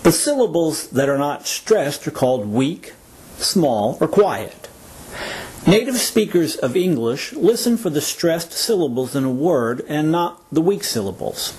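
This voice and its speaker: A man teaching English pronunciation in a slow, measured scripted lesson, repeating words for learners to echo. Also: a little high, darkish tone, breathy edge.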